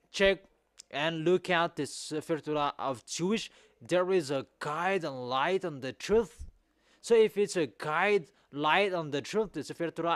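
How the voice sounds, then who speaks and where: A man preaching a sermon in non-native English, repeating his points with emphasis and rising to loud exhortation. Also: fairly high pitch, no room sound, studio quality.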